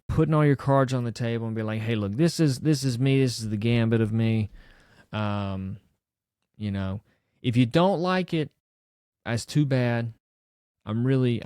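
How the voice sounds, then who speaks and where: A middle-aged man talks through a personal story in a loose, reflective way, full of fillers and restarts. His voice sits in an ordinary middle pitch. It is recorded dry and close, with no room sound. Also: a little mellow, no echo. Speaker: personal trainer and former wrestling coach. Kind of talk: casual storytelling monologue.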